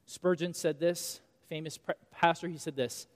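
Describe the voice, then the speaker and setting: A man in his thirties preaching a sermon as pastor, animated and swinging between loud and quiet for emphasis. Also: on the high side, moderate pace. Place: church sanctuary. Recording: long reverb of a church hall.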